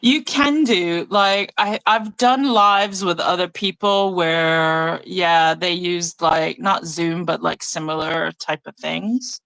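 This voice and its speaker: A woman hosting a casual live craft session over a video call, chatty and relaxed, laughing often. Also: on the low side, slow pace, vocal fry, few pauses, no echo, rough recording. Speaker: craft channel host. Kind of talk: casual live-stream chat while journaling. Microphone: phone or tablet mic over a video call.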